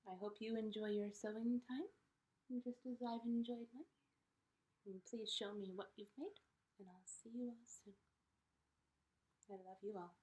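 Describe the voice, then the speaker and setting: A teacher telling a story to children in an expressive way, dropping into whispers at times. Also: female voice, mid-range voice, low-quality recording. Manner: animated, expressive, drops to whispers.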